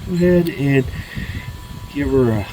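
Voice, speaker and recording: A man's voice: mid-range voice, mellow, slight background noise, rough recording. A man who runs a grill shop, tasting his own cooking in a casual demo and exclaiming with delight while he chews. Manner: enthusiastic, drawn-out exclamations of delight; talks while chewing.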